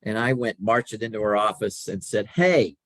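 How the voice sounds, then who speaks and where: A man's voice: fairly low pitch, fairly quick, no room sound. Middle-aged man telling career stories. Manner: animated, acts out quoted dialogue. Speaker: podcast guest. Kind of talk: conversational storytelling.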